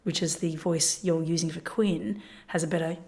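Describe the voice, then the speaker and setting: A woman's voice: low voice, fairly even intonation, normal speed, warm tone. A woman hosting a casual chat, talking with hesitant restarts and trailing asides. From Australia. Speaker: host.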